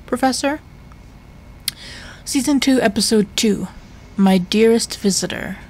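A woman's voice: medium pitch, normal speed, creaky, a little hiss or hum. A woman giving casual, chatty commentary over a story game she plays. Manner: chatty asides. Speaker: let's play host.

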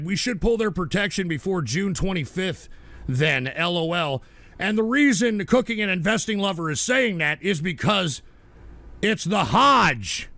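A man hosting a live radio show, ranting and suddenly breaking into shouting and swearing. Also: high-pitched, vocal fry, dry recording. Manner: excitable, bursts into shouting and swearing. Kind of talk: live call-in radio rant.

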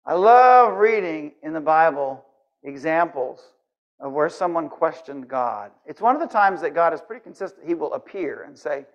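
A man preaching a sermon in a church, animated and conversational, acting out scenes as he goes. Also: on the high side, moderate pace, dull audio.

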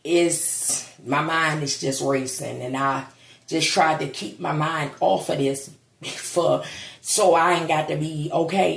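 A woman's voice: sits low, vocal fry. A woman vlogging at home, grieving and holding back tears, talking bluntly and swearing now and then. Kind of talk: casual vlog monologue. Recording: echoey room.

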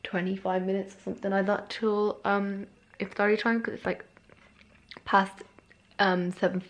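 This young woman's voice is mid-range, with a level tone and normal pace. A tired vlogger, she talks casually to camera in her room at home, rambling in a chatty, self-deprecating manner while slightly out of breath.

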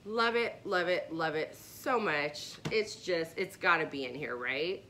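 A woman's voice: lowish voice, normal speed, few pauses, fairly bright tone. A woman vlogger chatting casually and enthusiastically about her favorite products, with rambling asides. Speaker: beauty vlogger.

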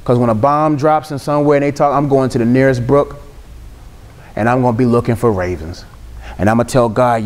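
A man's voice: medium pitch, brisk, a little mellow. A young man preaching a sermon in an emphatic, casual way, mixing slang and humor. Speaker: Christian speaker.

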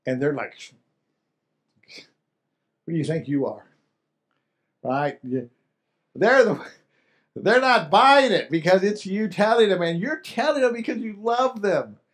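A pastor preaching a sermon, emphatic and repetitive, stumbling over restarts, dropping low and soft, then rising loud. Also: male voice, animated, unhurried. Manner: swings between loud and soft, acting out quotes.

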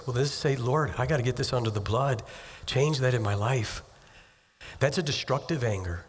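A man's voice: medium pitch, husky. A pastor preaching a sermon in an earnest, conversational way, acting out little scenes as he goes. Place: church sanctuary. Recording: long hall reverb.

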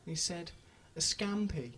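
A man doing a stand-up comedy routine on a club stage, telling stories with sudden loud bursts. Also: fairly high pitch, animated, slow, a little hiss or hum.

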